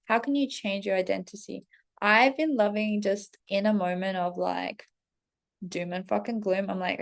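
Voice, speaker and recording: Woman coach in her thirties, middle pitch with gravelly fry, blunt and chatty. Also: moderate pace. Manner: candid, heavy swearing, animated self-talk. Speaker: self-development coach. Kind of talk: casual spoken storytelling to followers.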